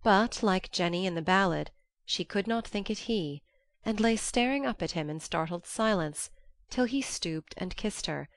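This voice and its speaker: A woman narrating an audiobook in a measured, gently earnest way. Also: medium pitch, expressive, no room sound. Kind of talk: audiobook reading.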